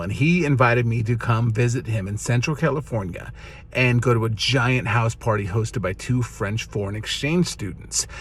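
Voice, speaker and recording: A man in his thirties telling a funny personal story, animated and building up to excited punchlines. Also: medium pitch, husky. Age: 30s.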